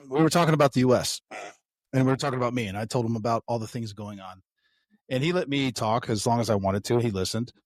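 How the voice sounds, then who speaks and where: A man's voice: mid-range voice, a little fast, no room sound. A man co-hosting a podcast, telling rambling stories in a casual way with some swearing and laughing at his own tales. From United States. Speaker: podcast co-host.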